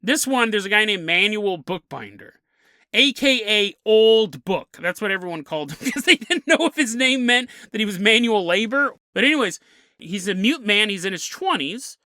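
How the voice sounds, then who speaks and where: A man's voice: sits high, expressive, moderate pace, pushed and bright, no echo, studio quality. A man hosting a podcast, telling a ghost story in a casual, joking way and laughing often as he acts out characters' lines. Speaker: podcast host.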